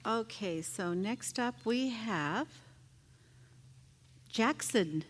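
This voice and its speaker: A woman chairing a school board meeting, calmly calling out the names of the next speakers. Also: fairly high pitch. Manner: unhurried, calls out names. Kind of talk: running a public meeting. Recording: long reverb of a meeting hall.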